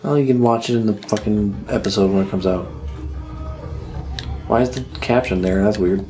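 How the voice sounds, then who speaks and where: A man's voice: lowish voice, moderate pace, dark tone, soft background music. A young man co-hosting a let's play, joking crudely and laughing with his friend. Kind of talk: casual gaming banter.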